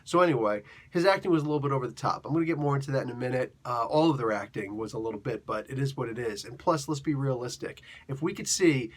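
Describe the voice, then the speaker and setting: A man's voice: medium pitch, quick pace, hardly any pauses. A man hosting a casual review monologue, rambling and joking, with many fillers and restarts. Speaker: review show host.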